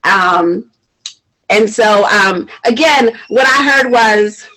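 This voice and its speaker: A woman's voice: medium pitch, slow pace, bright, forceful tone, rough recording. A woman hosting a casual live-stream chat, emotional and tearful, laughing often and rambling with fillers. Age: adult mother. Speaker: host.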